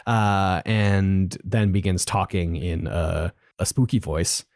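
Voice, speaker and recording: A man's voice: low-pitched, fairly even intonation, slow pace, gravelly, a little mellow, no echo, clean studio sound. A man co-hosting a podcast, recapping a video game in casual chat, rambling and playful, with goofy voices for the characters he quotes. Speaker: podcast co-host.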